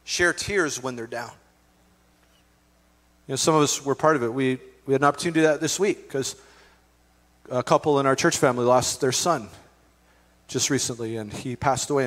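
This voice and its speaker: A middle-aged man preaching as a pastor, conversational and animated, telling stories with asides to the congregation. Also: medium pitch. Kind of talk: sermon. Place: church hall. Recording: long reverb of a church hall.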